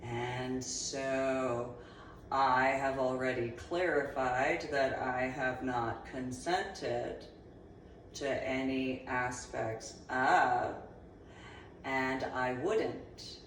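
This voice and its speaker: Slow-talking New Jersey woman, meandering vlogger who laughs often; heard from a distance. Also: a bass voice, fairly even intonation, slight background noise. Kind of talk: rambling personal monologue. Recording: roomy echo, voice from a distance.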